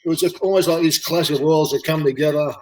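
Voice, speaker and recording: Halting Australian man, roomy and distant. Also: fairly high pitch, fairly even intonation, a little mellow. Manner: halting, many fillers and repeated words. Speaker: interview guest, former rugby league player. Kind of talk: casual chat, storytelling.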